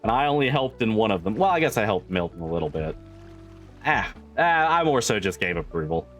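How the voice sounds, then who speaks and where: A man's voice: lowish voice, sing-song, a little fast, fairly bright tone, soft background music. A man streamer chatting casually with his viewers, swearing freely and laughing often. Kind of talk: casual chat with livestream viewers.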